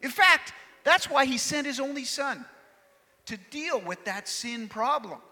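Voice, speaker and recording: A man plays a courtly shopkeeper from another age who speaks in quaint formal phrases. His voice sits high and bright and swings widely. The sound rings out in a large reverberant hall. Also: lively intonation, a little slow, heavily acted. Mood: reassuring. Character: courtly old-world male shopkeeper, puzzled by modern things. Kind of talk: live church camp skit.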